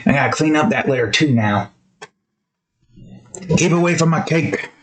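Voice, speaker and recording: A man's voice: fairly high pitch, expressive, moderate pace, low-quality recording. A young man rambling casually to camera while drawing, drifting between topics and scolding his cat. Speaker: art vlogger.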